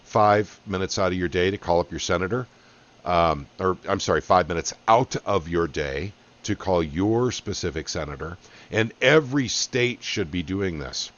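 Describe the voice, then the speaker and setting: A man's voice: deep voice, expressive, normal speed. A middle-aged man hosting a podcast, giving an impassioned, folksy political monologue that rallies his listeners. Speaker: podcast host. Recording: dull lo-fi audio.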